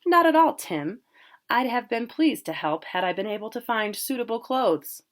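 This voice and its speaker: A woman's voice: a little high, sing-song, moderate pace, pitched above the performer's own voice. A woman voicing a proud, cocky young man, the older brother home from college.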